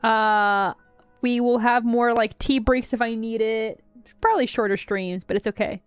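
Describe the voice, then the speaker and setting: A woman's voice: fairly high pitch, steady tone, measured pace, clean tone, no echo, soft background music. A woman streaming a game, chatting casually with many "like" fillers. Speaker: streamer playing and reading a game aloud. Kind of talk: casual livestream chat.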